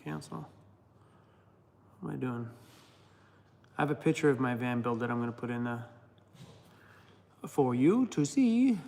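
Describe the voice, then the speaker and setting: A man's voice: medium pitch, fairly even intonation, moderate pace, vocal fry, long pauses, big-room sound. A middle-aged man chatting casually on a livestream to his members, laughing often and talking to his dog.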